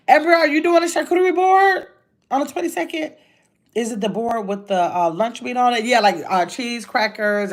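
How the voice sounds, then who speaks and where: An older woman, chatting casually on a livestream from a hotel room, reading viewer comments and calling them y'all. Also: high-pitched. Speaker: livestream host.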